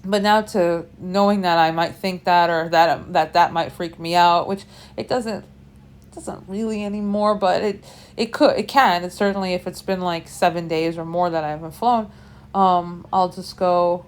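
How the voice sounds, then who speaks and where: A woman's voice: on the low side, normal speed. A young woman tells a story about her own life in a loose, chatty way, stumbling over restarts and cheerfully swearing. She talks from the cockpit of a small plane in flight, picked up by a headset mic. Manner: chatty, candid, self-deprecating, with restarts and swearing. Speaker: vlogger and pilot. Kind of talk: casual storytelling vlog.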